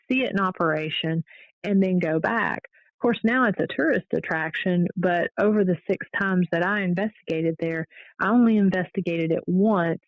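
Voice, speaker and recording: A woman paranormal investigator, a guest on the show, telling her stories in a casual, animated way. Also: on the low side, dry recording. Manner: animated storytelling, fillers and restarts. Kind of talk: casual interview storytelling. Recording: dull lo-fi audio.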